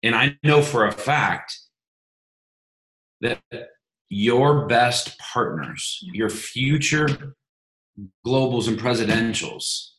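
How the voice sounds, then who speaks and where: A man's voice: mid-range voice, slow, pauses often. Fired-up man on an echoey call. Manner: energetic, repeats words, hype-driven. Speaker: host of a coaching call. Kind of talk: motivational team call.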